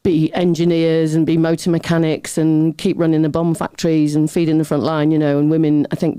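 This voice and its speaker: Her voice sits low, smooth, warm, and mellow: a middle-aged woman appearing as an interview guest, reeling off comic anecdotes with self-mocking humor. She's chatty and animated, laughing readily between lines, and the audio is close and dry with no echo.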